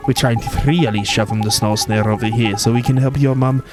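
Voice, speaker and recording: A man's voice: medium pitch, fairly even intonation, fairly quick, lightly acted. A man voicing a chatty, boastful little male fairy sidekick in a Welsh accent, teasing and ending lines with tag questions, over game music. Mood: explaining.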